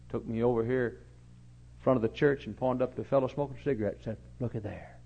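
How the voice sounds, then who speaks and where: A man preaching a fiery sermon in a church, telling folksy stories and acting out voices, his delivery swinging between quiet asides and loud, lively bursts. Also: medium pitch, fairly quick, vocal fry. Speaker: pastor. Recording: slightly dull sound.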